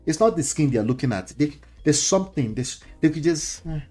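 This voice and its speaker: A man's voice: on the high side, animated, fairly quick, a little mellow, soft background music. A man with a Nigerian accent hosting a casual commentary show, lecturing his viewers, repeating his points and dropping in pidgin words. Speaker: host.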